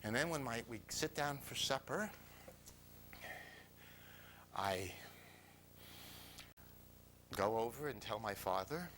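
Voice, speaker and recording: Animated older man telling a story. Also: medium pitch, slow pace, pauses often, slight background noise. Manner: animated, self-mocking, drops to whispers for quoted lines. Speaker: storyteller speaking to an audience. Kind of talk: personal storytelling talk.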